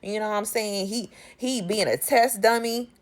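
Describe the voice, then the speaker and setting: A woman, casually recapping a movie in a sassy, animated way. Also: mid-range voice, moderate pace. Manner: sassy, animated storytelling with slang.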